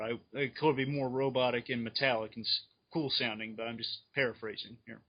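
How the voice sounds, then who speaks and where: Excited rambling man, slightly husky. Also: medium pitch, fairly quick. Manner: excited, rambling fan speculation. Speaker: fan podcast co-host. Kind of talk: casual chat. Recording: dull lo-fi recording.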